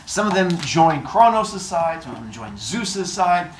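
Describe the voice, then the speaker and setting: A man tells a silly story in a playful, animated way, throwing in goofy sound effects. His pitch swings widely as he goes. The room gives a clear echo. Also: measured pace, a little hiss or hum. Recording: roomy echo.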